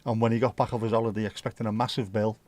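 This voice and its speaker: A man's voice: lowish voice, little pitch movement, very fast, darkish tone, no room sound. A middle-aged man from Liverpool with a Scouse accent, hosting a livestream in rambling, casual chat that swears freely. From Liverpool, England. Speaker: livestream host.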